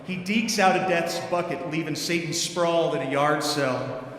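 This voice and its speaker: A priest putting on a Canadian accent to tell a playful, slang-filled hockey-style story in an echoing church. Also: male voice, on the high side, normal speed, fairly bright tone, slight background noise, lightly acted. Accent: put-on Canadian. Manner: playful, slang-heavy, mock-announcer delivery. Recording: echoey church with long reverb.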